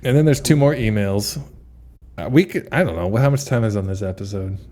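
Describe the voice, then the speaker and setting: A man's voice: on the low side, animated, brisk, warm tone. A man co-hosting a podcast, joking and riffing in casual chat over a remote call. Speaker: podcast co-host.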